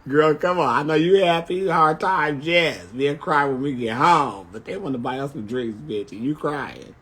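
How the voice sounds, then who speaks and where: A man's voice: on the high side, moderate pace, bright, forceful tone, slight background noise. A man chatting casually on a phone livestream, telling brash, profane stories. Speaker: drag performer on a livestream.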